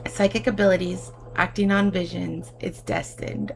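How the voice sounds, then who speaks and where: A woman's voice: medium pitch, unhurried, gravelly. A woman giving an effusive, emotional tarot reading to her viewers, calling them babe and my love. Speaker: tarot reader.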